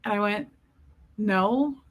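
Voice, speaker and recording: A woman's voice: mid-range voice, takes it slowly. A woman hosting a casual livestream, chatting and greeting viewers by name as she tells a story. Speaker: livestream host.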